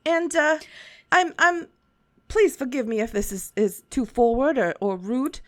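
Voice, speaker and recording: A cagey, friendly handyman drawls in a put-on Southern voice, as a woman plays him. He stumbles over his words in a folksy, roundabout way. The sound is close and dry, with a fairly high voice underneath. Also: slow pace, long pauses, no room sound. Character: shady folksy male handyman tinkerer, friendly but cagey.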